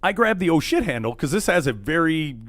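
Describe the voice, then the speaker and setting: A man hosting a late-night radio talk show, telling a story in a casual, animated way and acting out what people said. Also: fairly high pitch, fairly quick, no room sound. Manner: animated storyteller, acts out quotes. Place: studio.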